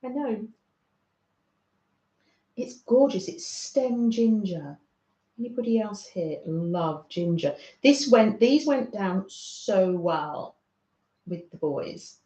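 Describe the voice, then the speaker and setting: A woman's voice: medium pitch, lively intonation, slow pace, pauses often, mellow. British woman, livestream host, chatty and leisurely, in a roomy room. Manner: chatty, reads out viewer comments, laughs often. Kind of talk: casual livestream chat.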